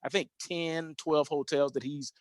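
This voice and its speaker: A man's voice: a little high, steady tone, measured pace, no echo. A man hosting a hospitality show, telling stories from his hotel career in a rambling, chatty way with lots of restarts. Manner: rambling, self-correcting, chatty. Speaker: host. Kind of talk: casual storytelling monologue.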